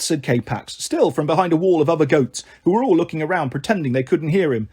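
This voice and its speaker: Husky, animated male storyteller. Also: on the high side, fairly quick, few pauses. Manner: expressive, animated narration. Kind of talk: reading a children's book aloud.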